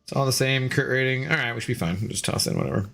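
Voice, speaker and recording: A man's voice: mid-range voice, very fast, creaky, fairly bright tone, soft background music. A man streaming a game, chatting casually with his viewers, joking and laughing often. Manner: jokey and chatty, laughing often, answering chat. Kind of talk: casual live-stream chat while gaming.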